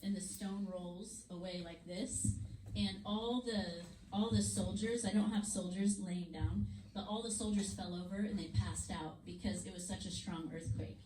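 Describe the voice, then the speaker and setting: A woman teaching a Bible story lesson to children in a church classroom, with an animated storytelling manner. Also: medium pitch, measured pace. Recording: echoey room, far mic, noisy.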